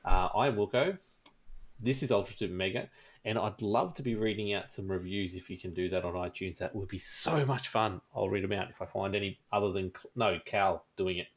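A man's voice: on the low side, brisk. A man with an Australian accent hosting a casual gaming podcast, telling stories and mimicking people. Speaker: podcast host. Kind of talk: casual chat.

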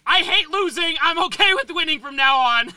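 Bright, high-pitched joking man. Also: normal speed, no room sound, clean studio sound. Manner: excitable and joking. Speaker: podcast co-host. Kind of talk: casual chat. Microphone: studio microphone.

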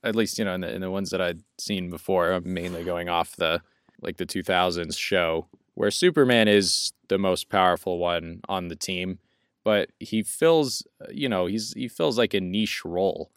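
A man's voice: low-pitched, moderate pace, dry recording, studio quality. A young man co-hosting a podcast, chatting casually and laughing often as he rambles through a movie rant. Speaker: podcast co-host. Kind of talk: casual chat.

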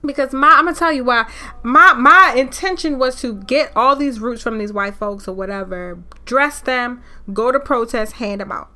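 A woman's voice: fairly high pitch, normal speed. A woman hosting a solo podcast, speaking, ranting fiercely and preaching with rising anger. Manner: fiery, preachy, loud at times. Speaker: podcast host. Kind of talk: impassioned solo podcast rant.

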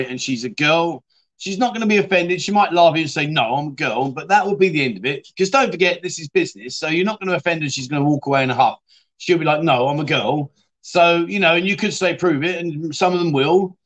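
A chatty man hosting a livestream, with a voice sitting a little high for a man. He rambles casually, drops in "mate" and reads out comments from viewers. The talk is loose and unscripted. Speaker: livestream host.

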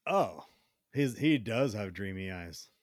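A man with a fairly low voice chats on a live stream, asking curious questions and wandering through his thoughts. The sound is dry and close, with no room echo. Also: animated, slow. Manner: curious, asks questions, rambling. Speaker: stream co-host. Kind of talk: casual chat.

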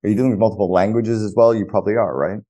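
A man's voice: fairly low pitch, fairly even intonation, racing, mellow. A man hosting an interview podcast, casual and blunt, swearing freely as he asks questions. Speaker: podcast host. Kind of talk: conversational interview.

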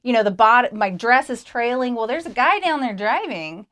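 A woman's voice: on the high side, animated, normal speed, a bit bright. Playful, teasing woman in her forties. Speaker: co-host, speaker's wife. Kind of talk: casual conversational storytelling.

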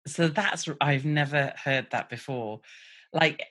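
A woman hosting a podcast interview, with a naturally low voice and an excitable, fast-talking manner. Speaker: podcast host.

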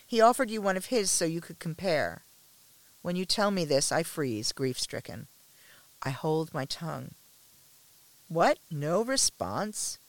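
A woman with a low voice reads a first-person story aloud, her delivery measured and restrained with tense pauses. There is no echo.

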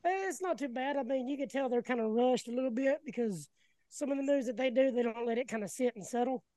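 A man co-hosting a casual podcast, talking in a relaxed, easygoing way. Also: very high-pitched, fast talker, no echo. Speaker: podcast co-host. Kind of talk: casual chat.

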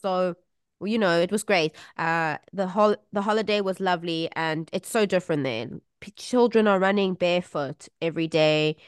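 A woman's voice: on the low side, moderate pace, clear, resonant tone, no echo, studio quality. A woman co-hosting a podcast, chatting casually and acting out the voices of people in her stories. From South Africa. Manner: animated storytelling, acts out quoted voices. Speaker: podcast co-host. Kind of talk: casual chat.

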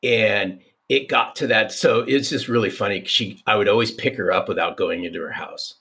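Low-voiced guy in his 50s telling a story, lively, keeps restarting lines. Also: moderate pace. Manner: animated, restarts, repeats for emphasis. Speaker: guest. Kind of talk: conversational storytelling.

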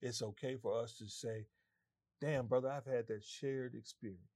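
A man's voice: mid-range voice, steady tone, normal speed, dark tone, no room sound. Earnest man, dry close sound. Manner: earnest, thoughtful. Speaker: co-host. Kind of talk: reflective talk.

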